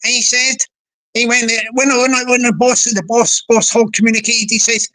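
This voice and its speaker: Woman, livestream host, playful rambling chatter, fairly high pitch. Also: little pitch movement, normal speed, bright, forceful tone. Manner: playful, rambling, talks to the chat.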